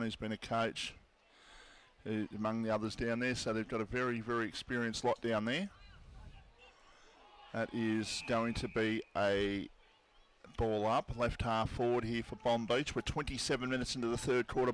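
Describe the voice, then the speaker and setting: A man's voice: mid-range voice, a little hiss or hum. Australian man calling local football. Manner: relaxed, banters between play calls. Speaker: football commentator. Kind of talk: local radio sports commentary.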